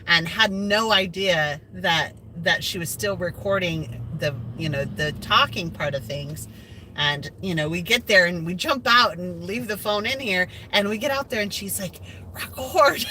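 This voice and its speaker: A woman's voice: lowish voice, moderate pace, bright, forceful tone, slight background noise. A woman co-hosting a casual live chat from inside a car, telling stories and acting out what was said. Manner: chatty storyteller who acts out quotes and reads viewer comments aloud. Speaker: co-host of a farm channel.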